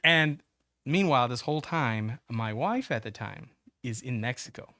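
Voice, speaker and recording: A man's voice: mid-range voice, animated, normal speed, pushed and bright, dry recording. A man rambles through a personal story, stacking fillers and restarts and swearing freely. He jumps into other people's voices as he retells the scene. The sound is dry and close, with no room around it. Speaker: podcast guest. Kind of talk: casual storytelling.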